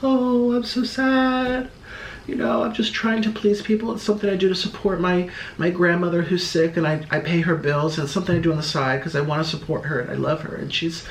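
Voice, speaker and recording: Man putting on a weepy, fragile young woman, high and soft, roomy echo. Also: level tone, fairly quick, recorded from a distance, a little hiss or hum. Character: tearful self-pitying young woman, fragile.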